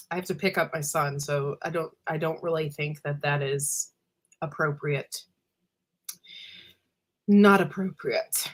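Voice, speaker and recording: Slow, low-voiced woman chatting on a livestream. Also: fairly bright tone. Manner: rambling, greets viewers by name one by one; lots of fillers and trailing asides. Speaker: livestream host. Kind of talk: casual livestream chat.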